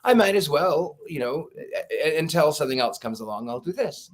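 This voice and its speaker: Fairly high-pitched and brisk, this man is a psychic being interviewed casually. He spins stories with animation, impersonating the people in them and breaking into laughter.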